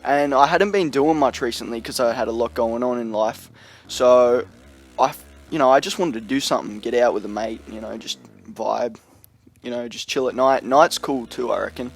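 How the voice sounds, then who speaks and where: A man's voice: medium pitch, moderate pace, creaky. A young man telling a story in a loose, rambling storytime vlog, full of slang and fillers. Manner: rambling, slangy, lots of "you know" and "like". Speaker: vlogger.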